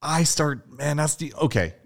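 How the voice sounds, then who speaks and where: A man's voice: on the high side, unhurried, vocal fry. A young man co-hosting a podcast in casual chat, rambling and swearing, laughing as he goes. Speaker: podcast co-host.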